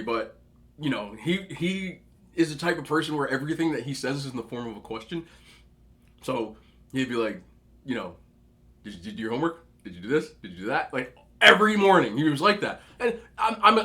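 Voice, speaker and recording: A man in his thirties chatting casually at home, rambling through stories as he eats. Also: on the high side. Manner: chatty, rambling, animated when telling stories. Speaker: mukbang host. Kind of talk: casual storytelling while eating. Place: indoors at home.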